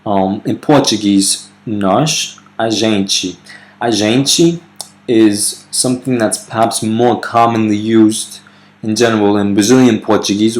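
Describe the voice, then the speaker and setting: A man's voice: fairly low pitch, a little mellow. A man explaining grammar in a video lesson, loose and unscripted, with fillers and self-corrections, reading foreign example sentences aloud. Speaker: language teacher.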